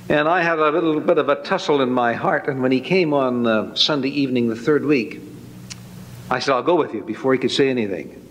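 A man's voice: mid-range voice, brisk. A man giving a spoken personal testimony, telling it as a folksy, dramatic story. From Northern California. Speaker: testimony speaker. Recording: long hall reverb.

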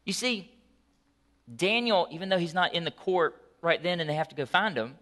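Animated pastor with a bright voice. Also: male voice, high voice, normal speed. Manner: animated storytelling, conversational asides. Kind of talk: sermon.

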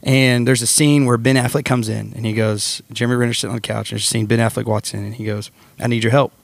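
Man, coach, quick, gravelly, animated storyteller. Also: mid-range voice, no echo. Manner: storytelling, animated, acts out quotes. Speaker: football defensive coordinator guest. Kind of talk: casual podcast chat.

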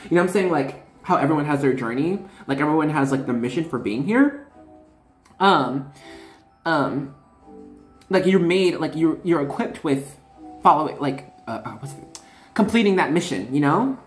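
Twenties female tarot reader, casual and playful, very animated pitch, roomy echo. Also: normal speed, faint music behind. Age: 20s. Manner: chatty, laughing, slangy. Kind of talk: casual tarot reading chat.

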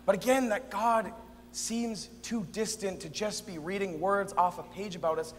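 A man performing a dramatic spoken-word monologue, expressive and shifting between soft and loud. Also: high voice, normal speed, in a large hall, noisy background. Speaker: performer in a youth event drama sketch.

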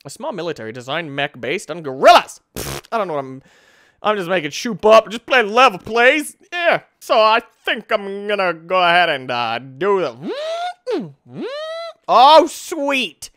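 A young man giving let's-play commentary, tired and yawning, breaking into excited yelps and shouts. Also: sits high, a little slow, dry recording, studio quality. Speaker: gaming YouTuber.

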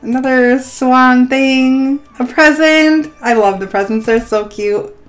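A middle-aged woman hosts a gaming vlog, narrating her gameplay excitedly in a high, slow voice with fairly even intonation. She often gasps and squeals with delight, and faint music plays in the background.

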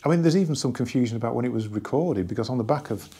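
A man casually talking through an album from his record collection, rambling and enthusiastic with many pauses and restarts. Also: mid-range voice, animated, dark tone, husky. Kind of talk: casual hobby vlog.

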